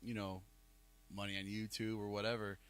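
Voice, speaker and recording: A man's voice: lowish voice, flat delivery, normal speed, a bit bright, clear, resonant tone. A man with a Northeast Ohio accent, hosting a casual podcast and telling rambling stories full of fillers. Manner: rambling storyteller, filler-heavy. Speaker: podcast host. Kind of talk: casual chat.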